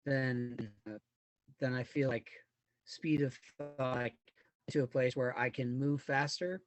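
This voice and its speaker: A man's voice: medium pitch, takes it slowly. A man playing in a tabletop game over a video call, asking hesitant questions and restarting his sentences often. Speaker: player. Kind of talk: casual chat in a tabletop game.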